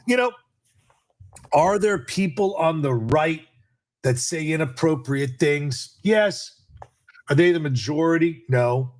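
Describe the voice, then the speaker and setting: Middle-aged male host, fairly high voice, indignant, ranting commentary. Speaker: podcast host. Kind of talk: political commentary rant.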